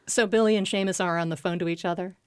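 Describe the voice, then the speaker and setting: A woman's voice: fairly low pitch, steady tone, quick pace, darkish tone, clean tone, dry recording. Woman, podcast host, playful, joke-telling, upbeat, dry close studio sound. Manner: playful, tells jokes, upbeat. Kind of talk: casual interview chat.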